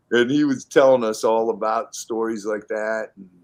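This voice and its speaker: A man spinning long stories in casual conversation. He talks with animated energy and slips into the voices of the people he quotes, breaking into laughter along the way. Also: fairly low pitch, measured pace. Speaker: podcast guest telling stories. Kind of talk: casual storytelling chat.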